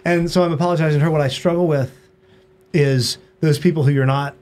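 A man's voice: a little high, steady tone, quick pace, a little mellow. A man as a guest on a podcast, talking candidly and self-deprecatingly, often tagging on "right?" and "dude". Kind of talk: casual podcast conversation.

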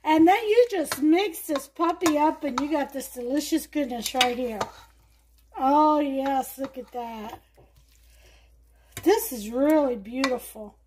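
A woman with a Brooklyn accent hosting a home cooking show, chatting warmly to viewers as she demonstrates a recipe. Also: high-pitched, slow pace, background noise. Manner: chatty, enthusiastic, talks to viewers. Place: home kitchen.

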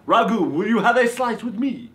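A man's voice: high-pitched, lively intonation, moderate pace. A man voicing a campy male vampire who calls himself a reformed beach boy, speaking in a hammy, theatrical manner. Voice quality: theatrical, sudden shouts. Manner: hammy, boastful. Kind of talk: comedy sketch.

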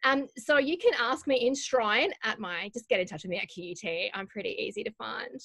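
An Australian woman, a researcher being interviewed, chatting in a casual, self-mocking way and quick to laugh. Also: on the high side, creaky, fairly bright tone, no echo, clean studio sound. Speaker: guest education researcher.

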